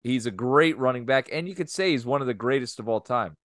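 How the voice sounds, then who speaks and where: A man's voice: medium pitch, lively intonation, a little fast, a bit bright, no echo, studio quality. A man co-hosting a casual podcast, telling a heated story with lots of swearing. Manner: heated, profane anecdote telling. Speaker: podcast co-host.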